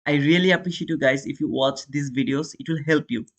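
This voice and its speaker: Indian-accented man, higher voice, chatting live. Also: brisk. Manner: chatty, talks straight to viewers as "brother", reads and answers chat. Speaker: day trader and live-stream host. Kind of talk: casual live-stream chat while trading.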